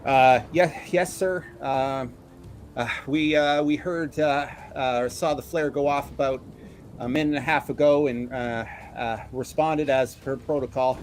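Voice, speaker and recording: A man's voice: medium pitch, fairly even intonation, measured pace, a little hiss or hum, close to an everyday voice. A man voicing a young, foul-mouthed sniper who stammers and swears when rattled. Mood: flustered. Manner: swears a lot, flustered, stammering.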